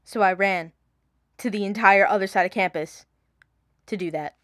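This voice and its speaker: A woman's voice: mid-range voice, normal speed, a bit bright, no room sound, studio quality. A young woman in her late teens narrating her vlog in a chatty, gushing way. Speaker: vlogger.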